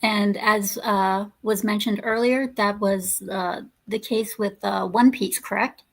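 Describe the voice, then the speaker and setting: A woman's voice: medium pitch, fairly even intonation, a little slow. A woman hosting a podcast in casual chat, ranting bluntly with swearing and many fillers. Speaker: podcast host.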